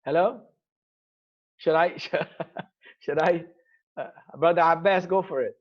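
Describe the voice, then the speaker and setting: Man teaching a slow, deliberate grammar class. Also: on the high side, dull audio. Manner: slow, deliberate drilling of Arabic terms, calling on students. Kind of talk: online class lesson.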